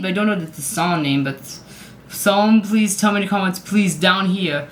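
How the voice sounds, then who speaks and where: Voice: medium pitch, moderate pace, soft background music. A vlogger giving casual, rambling commentary, often unsure and apologizing. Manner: hums along to clips. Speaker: video creator ranking sports goal horns.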